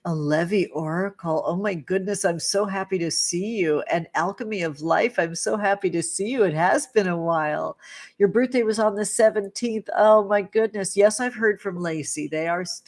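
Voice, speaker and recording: A woman hosting a casual livestream, gushing and affectionate, greeting viewers by name and calling them pet names. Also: lowish voice. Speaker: livestream host, tarot reader and witch.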